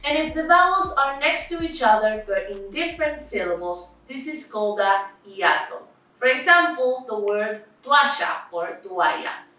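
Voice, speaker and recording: A woman with an Argentinian accent, a Spanish tutor giving an online language lesson and spelling out examples slowly and clearly. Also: on the high side, expressive, sharp tone, very echoey, distant mic, low-quality recording.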